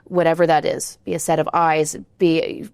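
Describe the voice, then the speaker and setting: A woman's voice: low-pitched, flat delivery, moderate pace, darkish tone, clear, resonant tone, no room sound. A woman interviewer asking long, winding questions in a studio, often checking in with "right?".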